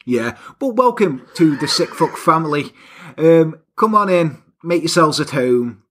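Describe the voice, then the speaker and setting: A man's voice: a little high, animated, measured pace, fairly bright tone. A man hosting a podcast, chatting casually and teasing his co-host while telling a story. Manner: jokey, teasing, playful banter. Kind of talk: casual comedic chat and storytelling.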